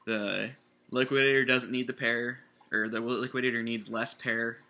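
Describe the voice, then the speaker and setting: A man's voice: mid-range voice, level tone, normal speed, bright, forceful tone. A man rambling casually through a product review, correcting himself often and circling back to his points. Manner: rambling, self-correcting, chatty. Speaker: vape juice reviewer.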